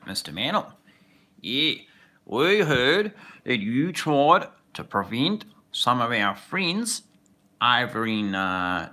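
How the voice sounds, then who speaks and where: A man voicing a sneering, bossy male border official in a mock Australian accent, high and exaggerated. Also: sharp tone, exaggerated voice. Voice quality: shrill and exaggerated.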